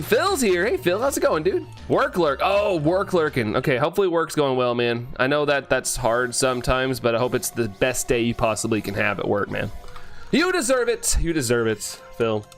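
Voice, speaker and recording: A man casually chatting on a live stream, greeting viewers and answering chat, talking fast and sometimes tripping over his words. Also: medium pitch, fairly bright tone.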